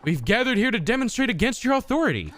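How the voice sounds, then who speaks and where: A man's voice: extremely high pitch, very animated, quick pace, a bit bright, slight background noise, voice pushed up, heavily acted. A man doing a stammering, scared peasant. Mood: frightened. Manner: stammering, pleading. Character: frightened poor male peasant protester.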